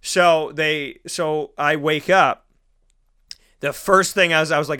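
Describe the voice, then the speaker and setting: A man's voice: on the high side, animated, a little slow, sharp tone. A young man hosting a casual monologue, rambling through personal stories and acting out the people in them. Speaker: podcast host.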